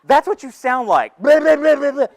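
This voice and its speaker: Guy voicing his fear as a snide high-pitched heckler, dry close mic. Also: expressive, brisk, a bit bright, dry recording. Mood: mocking. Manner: mocking, sarcastic, taunting. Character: sneering inner voice of fear, male, belittling. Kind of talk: comic stage monologue.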